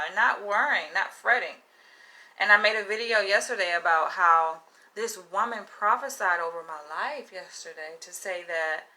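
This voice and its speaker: A woman's voice: fairly low pitch, bright, forceful tone, low-quality recording. A woman hosting a casual livestream monologue, talking frankly and emphatically, with profanity and frequent laughs. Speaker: livestream host.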